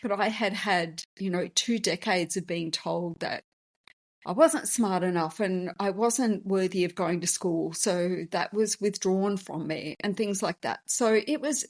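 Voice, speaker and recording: Candid woman telling her story. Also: mid-range voice. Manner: candid, emotional, conversational. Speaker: podcast host and business founder. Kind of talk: personal storytelling podcast.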